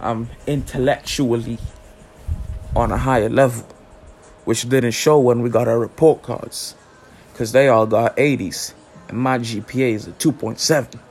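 Brief: late-teens male podcaster, loose joking monologue full of slang, mid-range pitch. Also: fairly even intonation, unhurried, darkish tone, faint music behind. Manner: rambling, joking, heavy slang and cussing. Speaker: podcast host. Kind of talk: casual solo podcast monologue.

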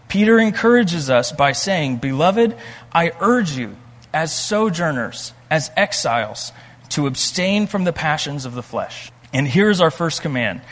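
A man preaching a sermon as a pastor, earnest, slowing down for emphasis and reading scripture aloud with rising intensity. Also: fairly high pitch, a bit bright. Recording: long reverb from a large room.

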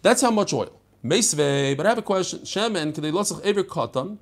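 A man's voice: high-pitched, lively intonation, fairly quick. An older man teaching a daily Talmud class, chatty and digressive, mixing Hebrew and Yiddish terms into his talk. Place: study hall.

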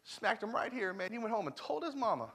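High, sing-song and brisk, this man's voice carries a conversational sermon as a guest preacher in his thirties or forties. He shares personal stories, hammers phrases through repetition, and moves from loud declarations into hushed, quiet moments.

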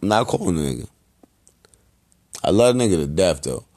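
A man hosting a podcast, giving loose, rambling shout-outs in heavy slang and profanity. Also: low-pitched, very animated, brisk. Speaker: podcast host.

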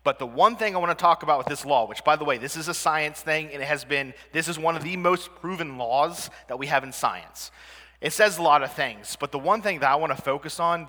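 A man's voice: mid-range voice, pushed and bright. A man giving a conversational presentation to a live audience as a teacher, often asking the listeners questions. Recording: long reverb of a hall.

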